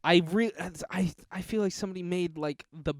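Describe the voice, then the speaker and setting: Reading out a text adventure game on a podcast, the man talks fairly quickly in a high voice. He cracks jokes and laughs between lines, captured in studio quality without echo.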